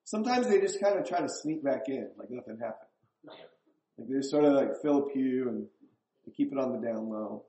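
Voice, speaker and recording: Man, pastor, conversational sermon, rhetorical questions, warm mellow tone, roomy echo. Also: medium pitch, animated, normal speed. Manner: conversational, asks the congregation questions. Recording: echoey room.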